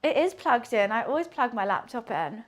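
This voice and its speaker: High-voiced woman, chatty cooking stream. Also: very animated, moderate pace. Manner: rambling, chatty, talks to viewers and her kitten while cooking. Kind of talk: casual cooking stream chat. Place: home kitchen.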